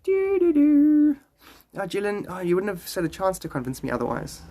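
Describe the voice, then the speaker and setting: Lively rambling male streamer. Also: sits high, fast talker. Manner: rambling, jokey, drops into silly voices. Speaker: live streamer. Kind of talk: casual live-stream chat. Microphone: phone.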